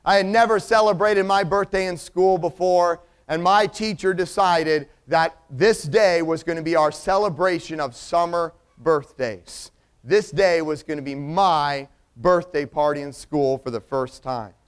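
A man telling a personal story as a sermon illustration, animated and acting out the people in it. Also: a little high, unhurried, clean tone.

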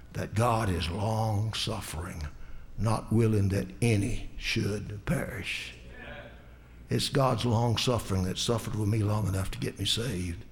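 A pastor from the United States preaching in church, with impassioned appeals that rise loud and high and then drop to hushed, low asides. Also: male voice. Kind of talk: sermon.

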